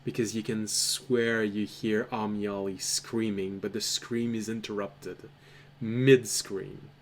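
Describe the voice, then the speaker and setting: A man narrating a tabletop role-playing game as game master, telling the scene in a measured, dramatic way. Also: on the low side, level tone, slight background noise. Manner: slow, measured, dramatic storytelling.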